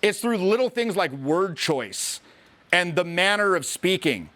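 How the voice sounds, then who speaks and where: Man, social skills coach, high voice, bright, profane animated storytelling. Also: a little slow. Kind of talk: casual explaining to camera.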